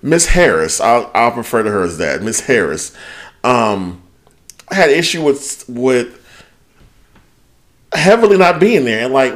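A man's voice: mid-range voice, a little slow, long pauses. Swearing, laughing podcast co-host man. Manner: profane, animated, laughs often. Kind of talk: casual chat recapping reality TV.

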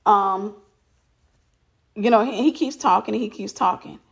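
A woman, her voice a little husky, recounts a personal story in a loose, chatty way. She talks with animation and circles back on her words for emphasis, at a middling pitch. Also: a little slow. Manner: animated, repeats herself for emphasis, laughs.

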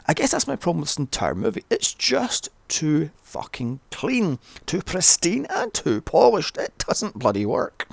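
A man's voice: medium pitch, vocal fry, breathy edge, no room sound. A man giving a blunt, sweary, ranting film review. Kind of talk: casual solo review.

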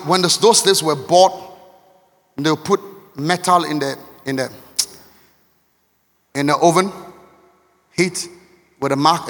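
A man preaching a sermon. He is impassioned and repetitive, swinging between shouts and near-murmurs. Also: on the high side. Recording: long reverb of a large hall.

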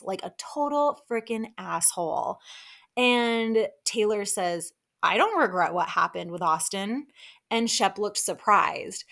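A woman's voice: mid-range voice, a bit bright. A young adult woman hosting a podcast, recapping a reality show in heated, opinionated casual commentary with sighs and asides.

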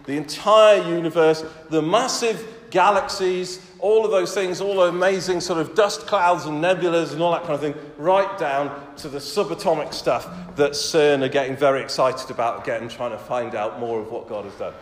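A man, a church elder preaching a sermon in a conversational way, asking rhetorical questions and dropping to soft, intimate tones. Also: a little high, steady tone, normal speed, hardly any pauses. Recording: echoey hall with long reverb.

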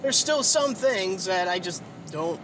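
A man's voice: high-pitched, animated, measured pace. A tired, sleepy man rambling in a casual monologue, swearing often and full of fillers while he drives. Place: inside a car while driving. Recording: road and engine noise in a car. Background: vehicle noise.

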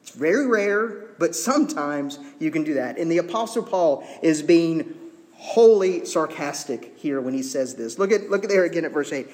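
A man's voice: fairly high pitch, expressive, normal speed, a little mellow, long reverb tail. A man preaching a sermon in an earnest, conversational way, with teasing asides to the congregation. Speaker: pastor.

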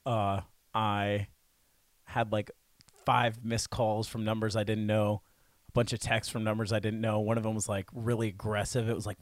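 A young man in his twenties, a podcast co-host, telling animated, rambling stories in casual chat. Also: on the low side, moderate pace, dry recording. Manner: rambling, animated anecdotes with put-on quotes.

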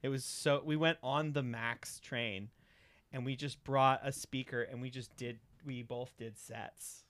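Bright-voiced excitable man. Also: mid-range voice, measured pace. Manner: excitable, laughs often. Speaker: comedian guest. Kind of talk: casual chat.

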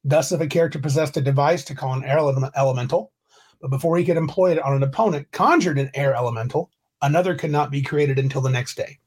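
A man's voice: a little high, quick pace, darkish tone, breathy edge. A man hosting a casual tabletop game podcast over a video call, rambling and correcting himself as he reads rules aloud. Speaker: podcast host.

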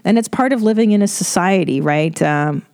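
A woman's voice: on the low side, normal speed, darkish tone. Candid, profane woman podcast host. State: tearful. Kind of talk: casual monologue.

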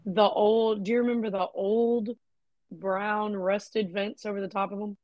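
A woman's voice: medium pitch, level tone, a little slow, no echo, highs cut off. Frank, profane young woman storyteller. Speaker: podcast co-host. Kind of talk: casual chat.

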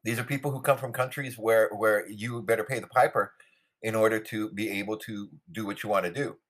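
A man's voice: fairly low pitch, steady tone, a little fast, fairly bright tone. A man delivering an opinionated, sarcastic political monologue, rambling with many fillers and asides. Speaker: political commentator. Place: New York City.

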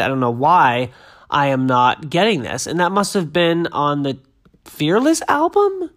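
A man in his thirties chatting casually about music, rambling and excitable, often losing his train of thought. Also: mid-range voice. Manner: rambling, excitable, self-interrupting. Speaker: host.

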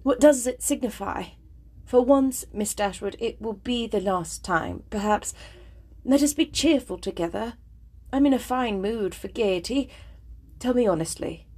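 Woman reading as Willoughby, husky urgent gentleman. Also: mid-range voice, measured pace. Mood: forced cheer. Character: impassioned young gentleman suitor. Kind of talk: storybook reading.

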